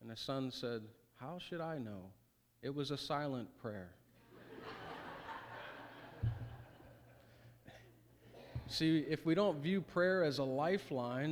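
A pastor giving an earnest, conversational sermon with folksy asides. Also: male voice, on the high side. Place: church sanctuary. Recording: reverberant church sanctuary.

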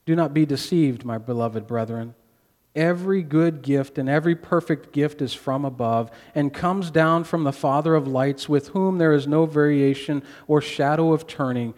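A man preaching a sermon as pastor, earnest, sometimes dropping to a hushed voice for emphasis. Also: fairly high pitch, moderate pace. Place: church sanctuary. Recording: long hall reverb.

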